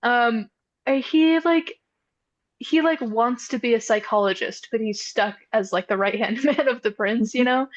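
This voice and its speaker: A woman co-hosting a casual chat, giggly and animated, full of quick asides. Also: a little high, dry recording, dull audio. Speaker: podcast co-host.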